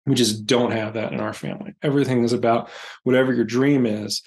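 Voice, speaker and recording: A man in his forties, an entrepreneur guest on a podcast, answering in an earnest, candid way with pauses and restarts, sounding a little congested. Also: mid-range voice, steady tone, a little mellow. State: congested, clears throat. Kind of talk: reflective interview answers.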